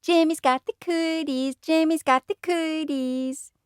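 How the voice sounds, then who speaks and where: A pushy schoolgirl who wheedles and taunts in a high, sing-song voice, as a woman reader puts her on. The voice sits well above the reader's own and swoops as she begs. The sound is dry and close. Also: sing-song, unhurried, no room sound. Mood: taunting. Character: pushy bossy schoolgirl, pleading and teasing.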